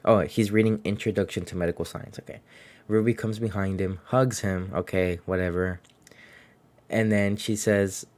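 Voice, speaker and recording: A young man with a somewhat low voice chats his way through a comic review. He restarts sentences often and keeps it loose and unpolished. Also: a little mellow. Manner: rambling, chatty, frequent restarts and laughs. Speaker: manga reviewer. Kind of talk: casual video review.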